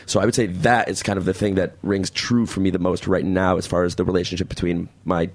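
A man's voice: low voice, little pitch movement, fast, no echo. A man in his thirties co-hosting a radio talk show, talking candidly and rambling. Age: 30s. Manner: candid, rambling, self-deprecating. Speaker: co-host.

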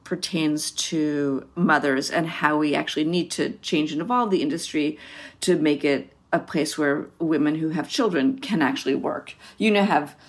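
A woman's voice: low voice, moderate pace. A woman interviewing a guest, affirming her answers and asking the next question. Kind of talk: casual interview.

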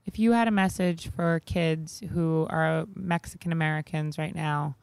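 A woman co-hosts a casual podcast, ribbing her partner and keeping the banter going. Her voice is low with a gravelly fry, recorded dry and close. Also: fairly even intonation, a little mellow, dry recording. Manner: teasing, bantering, quick to tease her co-host. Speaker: podcast co-host and interviewer. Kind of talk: casual chat.

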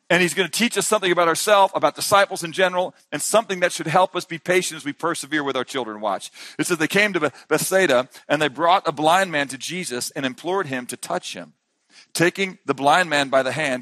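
A man preaching at a conference, animated, acting out quotes and dropping to a hush for emphasis. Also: high-pitched, dry recording. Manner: animated preaching, voices Jesus and disciples in quotes, drops to hushed emphasis. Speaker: pastor. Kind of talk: sermon. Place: conference hall.

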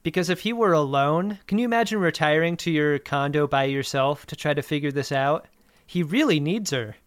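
A man's voice: fairly high pitch, brisk, no room sound, clean studio sound. A man with a thin, reedy voice, co-hosting a podcast in a casual, playful way as he recaps and riffs. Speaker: podcast co-host.

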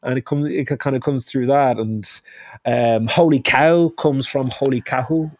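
A man's voice: mid-range voice, moderate pace, a little mellow, no room sound. Irish man telling stories in a dry, close sound. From Ireland. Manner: rambling, self-correcting storyteller. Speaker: guest chef. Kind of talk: casual conversation.

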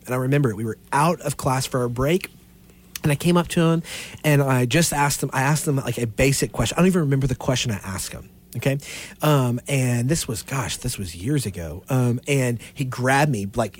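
A man co-hosting a podcast, talking through theology in an earnest, animated way and telling stories from his own life. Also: medium pitch, a little fast, slightly rough. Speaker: podcast co-host. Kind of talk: casual theological discussion.

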